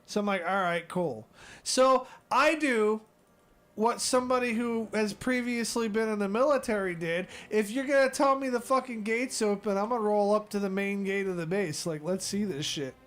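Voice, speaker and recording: A male streamer telling a funny story in an animated, exasperated rant full of swearing. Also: high-pitched, normal speed. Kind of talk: ranting comedic storytelling.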